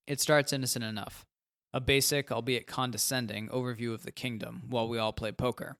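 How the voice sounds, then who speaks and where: A man narrating a first-person novel in a plain, conversational manner. His voice sits at a middling pitch and stays even. An audiobook reading. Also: a little fast.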